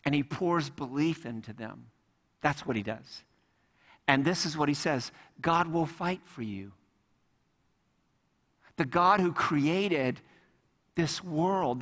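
A man preaching a sermon, animated, acting out the people in the scripture reading. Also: fairly high pitch. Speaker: pastor. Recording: long hall reverb.

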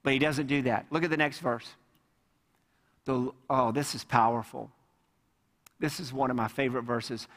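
A man preaching a sermon, animated, acting out the people in the scripture reading. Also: medium pitch, normal speed, pauses often. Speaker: pastor. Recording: long hall reverb.

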